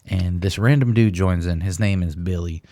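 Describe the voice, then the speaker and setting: A man's voice: deep voice, moderate pace, mellow, no room sound, clean studio sound. A young man co-hosting a comedy podcast, telling rambling stories full of swearing. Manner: profane, rambling storyteller. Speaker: podcast co-host. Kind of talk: casual comedy chat.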